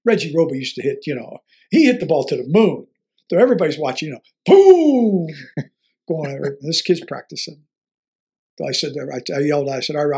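An older man, a former football coach, telling a story in an interview in an animated way, acting out the dialogue and chuckling often. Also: a little high, creaky, breathy edge.

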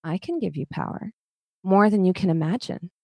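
Woman as a soft-spoken mysterious temptress. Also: lowish voice, very animated, measured pace, vocal fry, dry recording, heavily acted. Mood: tempting. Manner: soft and gentle.

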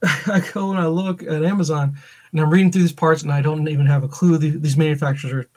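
Husky high-voiced man telling stories. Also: quick pace. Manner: animated storytelling, laughs often. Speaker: podcast co-host. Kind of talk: casual chat.

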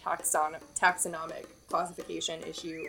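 A woman's voice: deep voice, level tone, normal speed, creaky, pushed and bright. A woman hosting a podcast, explaining facts in casual chat and laughing often. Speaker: podcast host.

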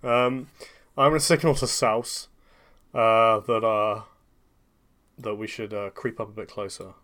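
A man's voice: fairly low pitch, fairly even intonation, measured pace, fairly bright tone. A man playing a tabletop game in casual, self-deprecating chat. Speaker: player.

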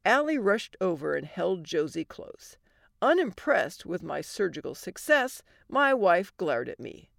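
A woman's voice: on the low side, very animated, a little slow, vocal fry, no room sound. A woman hosting a storytelling podcast, narrating a comic story in a wry, dry manner.

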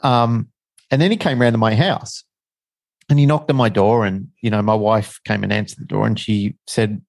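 A middle-aged man with a lowish voice tells a personal story frankly, rambling and poking fun at himself. The recording is dry and close, with no room sound. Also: normal speed, gravelly, darkish tone, dry recording. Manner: frank, rambling, self-deprecating, with restarts. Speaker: guest.

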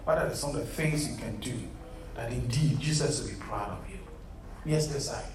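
At normal speed and medium pitch, a man leads Bible study as an interactive youth group sermon, quizzing listeners earnestly and calling them "beloved." Chairs are set up in the echoey room, where a far-off mic catches a faint hum.

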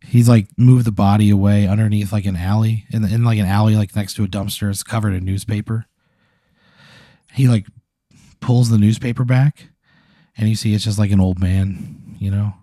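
A man's voice: lowish voice, fairly even intonation, moderate pace, dark tone, dry recording, studio quality. A man hosting a comedy podcast, telling a long absurd hypothetical story full of acted quotes and frequent laughs.

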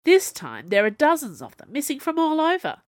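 A woman's voice: high-pitched, wildly swooping pitch, moderate pace, no echo, clean studio sound, pitched above the performer's own voice. Burly young mountain man, aggressive, blunt, storybook brawler, read by a woman.

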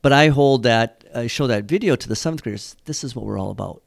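This pastor and catechism teacher speaks in a fast, creaky mid-range voice, rambling through stories with frequent fillers. It's a casual church podcast discussion, recorded at studio quality with no echo.

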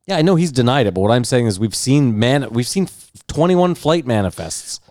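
A man's voice: mid-range voice, sing-song, fairly quick, darkish tone, no echo, clean studio sound. A man co-hosting a podcast, questioning the others in a skeptical, wry way during casual chat. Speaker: podcast co-host.

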